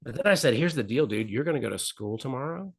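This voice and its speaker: A middle-aged man with a voice of ordinary pitch tells a personal story as a talk show guest. He talks in an earnest way, repeats phrases for emphasis and acts out the people he quotes. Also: animated, fast, vocal fry, slightly rough. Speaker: podcast guest. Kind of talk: candid storytelling interview.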